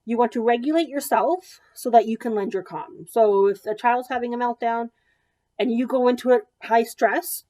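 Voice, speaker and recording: A woman in her thirties with a slightly high voice talks parents through practical advice on children. She speaks plainly and conversationally, with frequent ums and little restarts, keeping a gentle, practical tone. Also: moderate pace. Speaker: child development therapist. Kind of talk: educational presentation.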